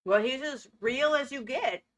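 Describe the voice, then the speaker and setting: Bright-voiced chatty woman streamer. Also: sits high, a little slow. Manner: chatty, playful, laughs often. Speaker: streamer reacting to videos. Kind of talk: casual live-stream chat.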